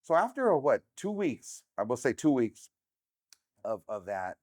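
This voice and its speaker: A man's voice: medium pitch, big pitch swings, a little slow, a little mellow, no room sound, studio quality. A middle-aged man, a podcast guest, telling a personal story frankly and without a filter, with many "um"s and "you know"s. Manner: unfiltered and frank, with many fillers.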